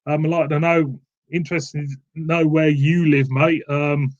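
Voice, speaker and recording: A man's voice: fairly high pitch, level tone, unhurried, darkish tone, highs cut off. A man with a southern English accent hosting a live beer-review stream, chatting casually and rambling with frequent repeats, calling his viewers "mate". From southern England.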